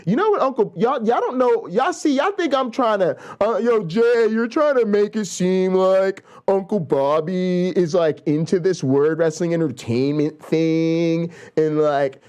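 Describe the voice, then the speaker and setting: A man co-hosting a show, riffing in a loud, profane, excitable way. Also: measured pace, few pauses. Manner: excitable, hyping, big pitch swings. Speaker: show co-host.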